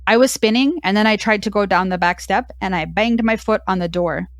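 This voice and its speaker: A woman's voice: mid-range voice, brisk, no echo, natural voice. A woman voicing a sassy, dramatic deaf female cow dog, reading her diary with a dry, mock-dramatic delivery.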